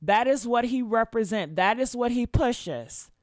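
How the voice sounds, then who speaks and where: A woman's voice: fairly high pitch, expressive, a little slow, no echo, studio quality. A woman doing reaction commentary on a livestream, blunt and profane, repeating her points and talking straight to her viewers. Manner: talks straight to her chat, asks for likes.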